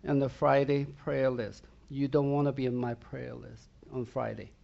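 A man's voice: medium pitch, level tone, moderate pace, vocal fry, darkish tone, lo-fi sound. A man preaching a sermon, emphatic and direct, who keeps asking the congregation whether they are with him. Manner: emphatic preaching with repeated rhetorical questions to the congregation. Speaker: pastor.

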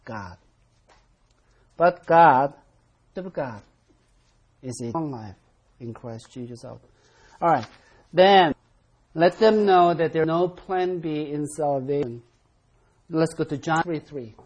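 A teacher leads a Bible study, speaking with a husky, slightly breathy voice. Key words and verse references come back again and again for emphasis, and students are invited to read aloud between points. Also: medium pitch, slow pace, pauses often, darkish tone. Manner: calls on class members to read aloud.

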